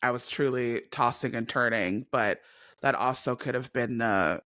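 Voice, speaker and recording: A woman co-hosting a podcast in casual chat, playful and expressive, quick with slang. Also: very deep voice, no room sound, studio quality. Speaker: podcast co-host.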